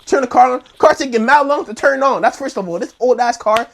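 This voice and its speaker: A young man telling a wild story in a slangy, animated vlog, acting out the scenes. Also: very high voice, a little fast, vocal fry, noisy background. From New York.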